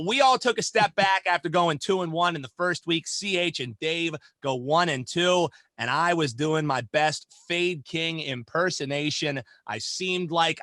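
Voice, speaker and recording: A man's voice: a little high, bright, forceful tone, no room sound, studio quality. A man co-hosting a sports betting podcast, talking casually and animatedly, hyping his segments like an announcer and swearing now and then. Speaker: podcast co-host.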